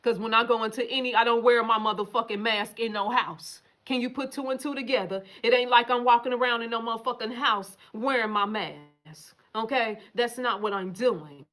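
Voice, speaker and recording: Speaking directly to her viewers, a woman reads their comments on a casual livestream and replies with emphatic profanity. She sounds a little high and fairly bright, at normal speed with few pauses.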